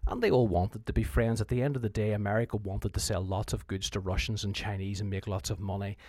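A man's voice: on the low side, fairly even intonation, quick pace, hardly any pauses, a little mellow, no echo, studio quality. A man explaining history in an informal, conversational way, often restarting his sentences and acting out what leaders said. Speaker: history teacher.

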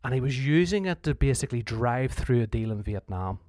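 A man talks through a history lesson in a casual, storytelling way, restarting sentences as he goes. His voice sits at a middle pitch and is recorded close and dry, with no room sound. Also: lively intonation, a little fast, a little mellow, dry recording. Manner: conversational, restarts often, acts out quoted leaders. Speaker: history teacher. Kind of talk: informal history explainer.

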